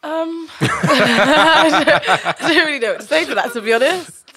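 Croaky young woman. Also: high voice, expressive, a little slow, a bit bright. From London. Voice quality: croaky, nasal. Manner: blunt, laughing, full of London slang. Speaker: DJ and podcast guest. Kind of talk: casual chat.

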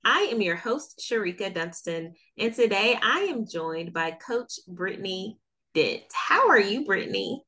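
A woman with a North Carolina Southern accent hosts a casual podcast interview, chatty and upbeat and laughing often. Her mid-range voice is bright, forceful and sing-song, and she speaks unhurriedly.

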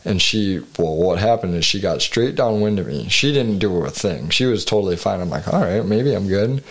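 Low-voiced man telling a hunting story. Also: lively intonation, normal speed, fairly bright tone. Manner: rambling storytelling, frequent swearing and laughs. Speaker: podcast co-host. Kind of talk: casual hunting story chat.

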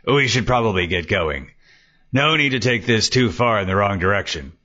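A man reading the part of a calm, fatherly police lieutenant with a placating, easygoing manner. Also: on the low side, normal speed. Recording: dull lo-fi recording.

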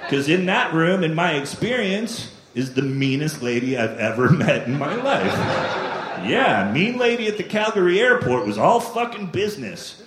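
A man's voice: a little high, sing-song, normal speed, fairly bright tone. A man performing a stand-up routine, telling profane, self-deprecating stories on a comedy club stage. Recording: echoey live club recording with noise.

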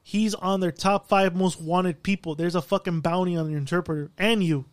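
High-voiced man telling a story with lots of swearing. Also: moderate pace, no room sound. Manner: profane, animated storytelling. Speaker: podcast co-host. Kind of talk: casual chat, movie recap.

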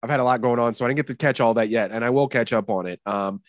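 A man's voice: mid-range voice, fast, no echo, dull audio. Male host, mid voice, swearing rambler, dry close mic. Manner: rambling, profane, with many fillers. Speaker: podcast host. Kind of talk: casual chat.

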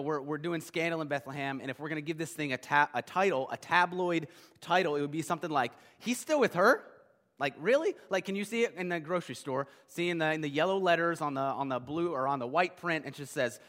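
A man preaching a sermon as pastor, conversational and animated, with many restarts. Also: a little high. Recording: long hall reverb.

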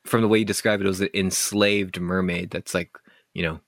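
A man's voice: low voice, steady tone, a little fast, no echo, studio quality. A man co-hosting a podcast in casual chat, rambling with lots of fillers and frequent laughs. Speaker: podcast co-host.

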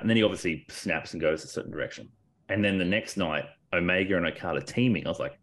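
Low-voiced man in excited casual chat. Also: fast talker. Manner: excited, rambling, restarts often, swears casually. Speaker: podcast co-host. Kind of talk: casual wrestling discussion.

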